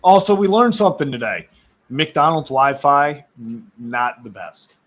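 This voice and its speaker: A man's voice: medium pitch, animated, a little slow, a bit bright. A man hosting a casual live sports stream, chatty and rambling, laughing often, who says his voice is going.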